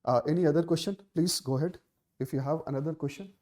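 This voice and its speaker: A man's voice: fairly high pitch, quick pace, warm tone. A middle-aged man with an Indian English accent, a coaching teacher answering student questions in a live session, emphatic and repeating key phrases with many fillers.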